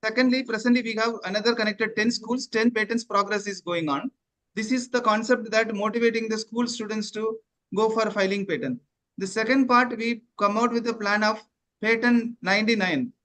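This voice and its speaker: A man with a notably high voice introduces a guest during an online event. He speaks formally but hesitantly, leaning on filler sounds. He is heard through a video call. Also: steady tone, moderate pace, sharp tone, low-quality recording. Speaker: event host.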